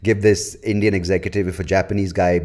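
A man's voice: low voice, fast talker. A man hosting a podcast interview, joking around and laughing often as he asks questions. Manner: joking, laughs a lot, animated. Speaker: podcast host.

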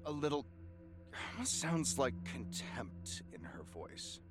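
A man's voice: medium pitch, sing-song, takes it slowly, loud music behind the voice. A man narrating a tabletop game as game master, hesitant, with frequent ums and laughs.

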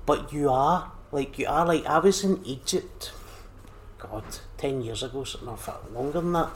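A man's voice: medium pitch, moderate pace, slight background noise. A man with a Scottish accent, a comedian chatting casually and acting out anecdotes, often repeating phrases. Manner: animated, repeats phrases, acts out quotes. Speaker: podcast guest, comedian. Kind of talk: casual chat, storytelling.

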